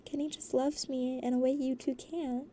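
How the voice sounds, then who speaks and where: Cheerful teasing young woman in a storybook, read by a woman, warm and fairly high. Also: level tone, normal speed, slight background noise, lightly acted. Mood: playful.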